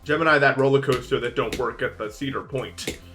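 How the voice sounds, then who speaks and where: A young man streaming, chatting casually with viewers in a rambling, animated way. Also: mid-range voice, brisk, soft background music. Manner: rambling, animated, swings into shouting.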